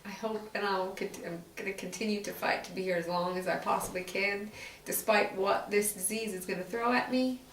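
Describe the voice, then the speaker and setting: A woman speaking earnestly and from the heart in a personal interview, with halting restarts. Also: medium pitch, steady tone, a bit bright. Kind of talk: personal oral-history interview. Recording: echoey room, distant mic, faint noise.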